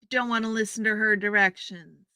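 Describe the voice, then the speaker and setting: A woman's voice: medium pitch, steady tone, a little fast, pushed and bright, smooth, dry recording. A woman hosting a live stream, chatting casually and greeting her viewers by name as she answers their comments. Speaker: livestream host. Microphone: streaming setup microphone.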